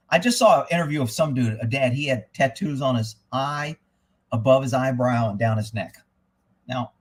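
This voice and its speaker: A man with a high voice rants through a live stream, swearing constantly. He drops to a grumble, then climbs to exasperated shouts. He talks like an irritated host hitting back at his commenters. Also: slightly rough. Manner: angry, swearing, swings from muttering to shouting. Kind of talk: profane ranting live stream.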